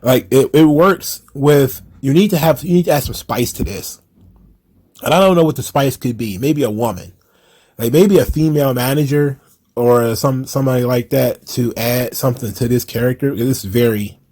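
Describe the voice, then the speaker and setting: A man's voice: mid-range voice, moderate pace, a little mellow, slightly rough. A man hosting a wrestling commentary show, recapping in a rambling, blunt, chuckling way.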